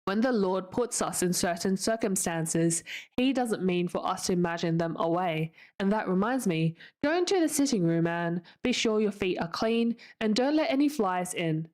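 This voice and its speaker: A woman's voice: mid-range voice, darkish tone, close to an everyday voice. A woman voicing a stern, practical older spinster who speaks firmly and disapprovingly.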